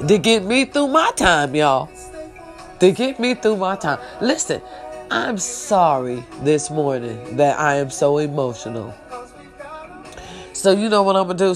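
A woman who hosts an online show sits low during a casual, heartfelt livestream. Talking directly to viewers, she repeats herself and struggles against tears while praising God and her family.

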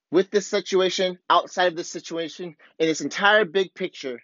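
Talking briskly with few pauses, a high-voiced man with a fairly bright tone addresses the camera as a surf coach. He's blunt and swears freely, revealing his own feelings in a candid motivational talk. No room sound comes through, and the dry recording is dull and a bit lo-fi.

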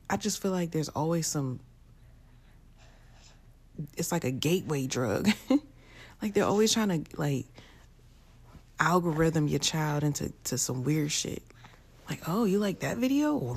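A woman's voice: deep voice, measured pace, long pauses, a little mellow, slightly rough. A young woman, ranting bluntly and profanely to camera in a casual vlog. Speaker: vlogger.

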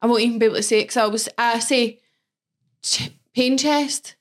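A woman's voice: on the high side, monotone, quick pace. A young woman with a Glaswegian Scottish accent, chatting as a podcast guest and telling self-mocking stories. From Scotland. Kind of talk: casual chat.

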